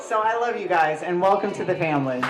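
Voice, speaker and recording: A woman's voice: lowish voice, animated, fast talker, heavy background noise. A middle-aged woman, the groom's mother, giving a rambling, giggly wedding toast in a barn. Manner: rambling, giggly, self-deprecating. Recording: echoey reception hall with crowd.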